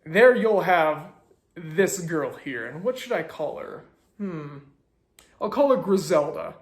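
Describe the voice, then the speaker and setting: A young man casually telling a story as a video host, animated with sarcastic asides. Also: on the high side, takes it slowly, reverberant.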